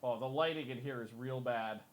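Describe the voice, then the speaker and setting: A man's voice: mid-range voice, a little fast. A man hosting a gaming video, giving casual let's-play commentary and repeating short phrases to himself as he plays.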